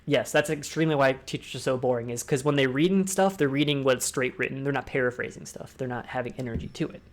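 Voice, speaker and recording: A young man hosting a casual online talk, speaking fast and rambling, swearing freely. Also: mid-range voice. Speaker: discord talk host. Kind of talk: casual chat.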